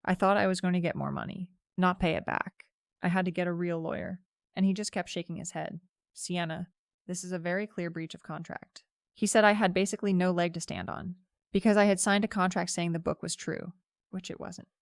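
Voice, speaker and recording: A woman's voice: on the low side, fairly even intonation, brisk, vocal fry, no echo, studio quality. A young woman narrating a first-person story in a casual, chatty way, with lots of "like" fillers.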